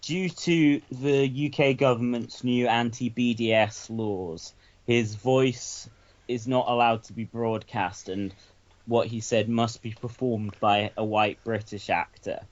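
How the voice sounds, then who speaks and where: A man's voice: mid-range voice, fairly even intonation, slow pace. A man from the United Kingdom hosting a comedy podcast, dry and self-mocking, often stumbling over his words. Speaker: podcast host. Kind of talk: casual comedy chat. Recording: dull lo-fi sound.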